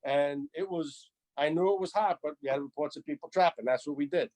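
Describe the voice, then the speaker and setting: A retired firefighter tells an old story in an interview. His voice sits a little high for a man. He talks in animated runs and repeats himself as he builds the scene. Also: brisk. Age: 60s.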